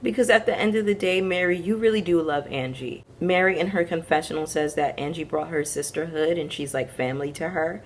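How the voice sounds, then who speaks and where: A woman's voice: deep voice, steady tone, a little fast, few pauses, slight background noise. A woman hosting a casual reality TV recap, chatting frankly to her viewers and acting out the quotes as she retells each scene.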